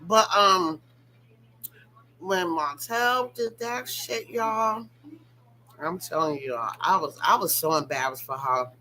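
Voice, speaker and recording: This is a young woman gossiping about reality TV. Her voice is bright and carries an edge. She talks right to her audience and swears easily, over a faint hum in the background. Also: on the low side, takes it slowly, long pauses, rough recording. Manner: animated, profane, talks straight to viewers. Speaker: commentary channel host. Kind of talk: casual reality-TV gossip commentary.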